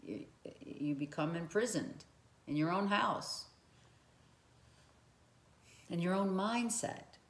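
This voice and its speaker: Slow, earnest woman in an echoey room. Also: fairly low pitch, lively intonation. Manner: earnest, repeats phrases, addresses viewer directly. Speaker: relationship advice vlogger. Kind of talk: motivational talk to camera.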